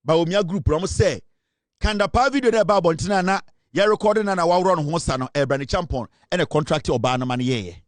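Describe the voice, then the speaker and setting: A man with a Ghanaian accent delivers political commentary in an emphatic, dramatic way. His voice sits high for a man. The sound is dry and close, with no room around it. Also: no echo. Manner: emphatic, dramatic, mixes Twi and English.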